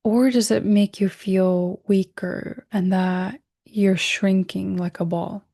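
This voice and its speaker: A woman hosts a recorded self-help workshop, speaking gently and reflectively in a gravelly, medium-pitched voice. Her intonation is fairly even and her pace slow, and she corrects herself mid-sentence and slips into soft whispers on key words.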